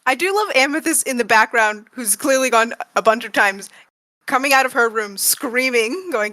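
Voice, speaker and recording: A woman co-hosting a cartoon recap podcast, chatting casually and acting out characters' lines with animated energy. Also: a little high. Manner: animated, acts out characters' lines in quick bursts. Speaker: podcast co-host. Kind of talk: casual chat.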